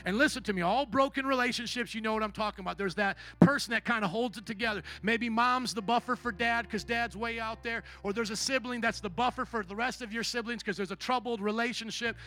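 A male pastor preaching a sermon as a personal testimony, his storytelling swinging from hushed to loud. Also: extremely high pitch, fast talker, few pauses.

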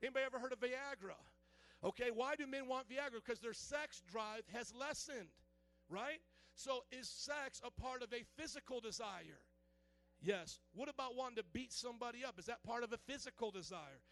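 A man's voice: very high voice, animated, moderate pace, fairly bright tone. A male pastor preaching a sermon in a conversational way, quizzing the congregation with questions and dropping joking asides.

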